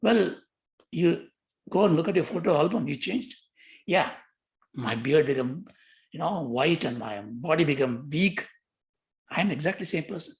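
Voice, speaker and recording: An older man giving a lecture on yoga philosophy, lively and questioning, often repeating himself. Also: fairly high pitch, normal speed, creaky, long pauses.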